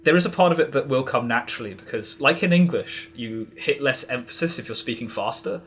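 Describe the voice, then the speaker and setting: A man's voice: mid-range voice, animated, brisk, a bit bright. A man as a podcast guest, explaining in a rambling way with many restarts. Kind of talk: casual podcast conversation.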